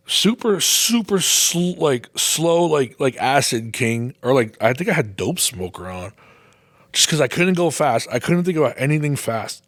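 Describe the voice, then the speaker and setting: Male podcast host, casual storytelling, heavy swearing, mid-pitched voice, dry close sound. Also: dry recording. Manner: rambling, heavy swearing, laughs at his own stories.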